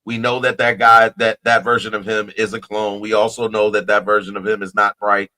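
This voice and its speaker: A man's voice: fairly low pitch, little pitch movement, a little fast, pushed and bright, low-quality recording. A man from New Jersey co-hosting a podcast, chatting casually about movies with lots of restarts and repeated words. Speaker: podcast co-host.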